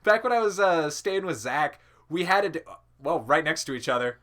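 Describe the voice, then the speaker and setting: A man talks through a gaming session in a loose, rambling way, dropping swears and laughing at his own tangents. His voice sits fairly high and sounds bright. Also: lively intonation, normal speed. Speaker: let's play commentator. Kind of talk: casual gaming chat.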